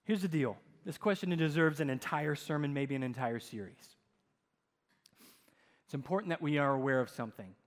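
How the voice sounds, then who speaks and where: A man preaching a sermon as pastor, telling stories with dramatic swings in loudness. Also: on the high side, moderate pace. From United States. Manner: animated storytelling, dramatic shifts in loudness. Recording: long hall reverb.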